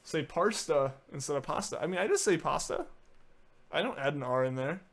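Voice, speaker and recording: A man's voice: fairly high pitch, big pitch swings, brisk. A man streaming a game, chatting casually and answering viewer messages, often using filler words and restarting his sentences. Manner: filler-heavy, many "like"s and restarts. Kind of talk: casual live-stream chat.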